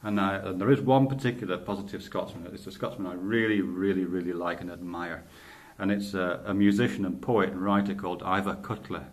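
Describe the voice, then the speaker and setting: A man's voice: sits low, fairly even intonation, brisk, few pauses. A man talking in a loose, casual monologue, often stopping to correct himself and swearing casually. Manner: rambling, stops to correct himself. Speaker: podcaster.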